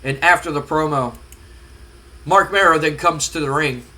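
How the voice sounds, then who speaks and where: A man's voice: a little high, moderate pace, pushed and bright. A man hosting a casual let's-play commentary on a wrestling sim game, hesitant with many fillers. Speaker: gaming channel host.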